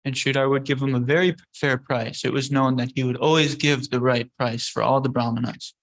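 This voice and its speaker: A man's voice: mid-range voice, level tone, fairly bright tone, low-quality recording. Man telling a scripture story. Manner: conversational, halting storytelling. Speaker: religious teacher.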